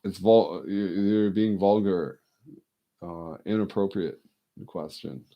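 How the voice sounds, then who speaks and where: A man's voice: low-pitched, slow, dull audio. A man rambling in casual chat, often repeating himself and swearing freely. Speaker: casual talker.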